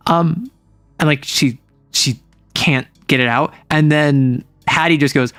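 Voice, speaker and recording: A man's voice: mid-range voice, fairly even intonation, unhurried, a bit bright, clear, resonant tone, no echo, faint music behind. A man streaming as a game master, casually and animatedly retelling a tabletop game session in a rambling way.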